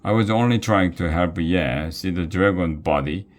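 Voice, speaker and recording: A man's voice: low-pitched, moderate pace, natural voice. A man reading a storybook aloud, voicing a sly bullying male troll student who taunts in a mocking tone. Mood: whiny.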